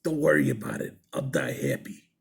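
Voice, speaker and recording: A husky-voiced man voicing a frail, hunched old man in his eighties with a Brooklyn accent, grumbling in a gravelly, breathy growl. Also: medium pitch, wildly swooping pitch, moderate pace, full character voice. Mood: gruff. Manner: terse, grumbling.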